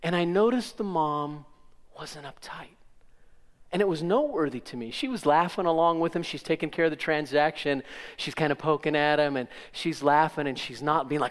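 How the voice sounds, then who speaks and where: A man's voice: on the high side, lively intonation, brisk, a bit bright. An older man preaching a sermon, emphatic and speaking directly to the congregation. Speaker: pastor. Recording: long hall reverb.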